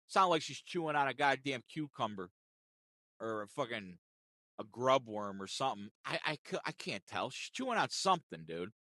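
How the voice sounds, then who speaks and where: Give me a man ranting about a phone call, animated and profane, with a very lively pitch. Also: moderate pace, dry recording. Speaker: content creator. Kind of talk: ranting storytime.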